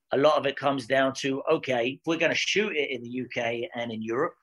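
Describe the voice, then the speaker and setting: A man's voice: mid-range voice, poor audio. A Scottish man in his forties, a guest telling stories in a casual interview and laughing easily. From Scotland. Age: 40s. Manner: lively storyteller, laughs easily. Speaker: actor guest.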